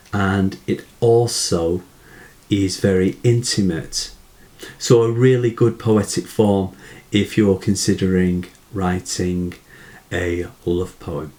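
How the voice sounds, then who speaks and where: A man teaching poetry in a measured way, asking rhetorical questions and reading verse slowly aloud. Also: low-pitched, darkish tone. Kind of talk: explanatory lesson.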